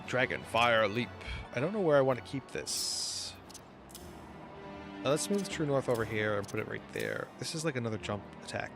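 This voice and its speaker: Guy rambling over his gameplay, mid-pitched voice, faint game music behind. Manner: chatty, easily amused, wanders between thoughts. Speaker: game streamer. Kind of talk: casual gameplay commentary.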